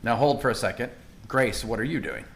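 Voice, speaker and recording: A man's voice: medium pitch, fairly quick, vocal fry, slight background noise. Upbeat male game master. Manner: animated, chatty, laughs often. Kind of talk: narrating a tabletop game.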